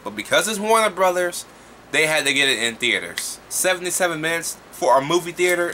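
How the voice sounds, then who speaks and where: Animated, bright-voiced man ranting. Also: a little high, brisk, a little hiss or hum. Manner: animated, profane, exasperated. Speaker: movie reviewer. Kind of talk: casual ranting review.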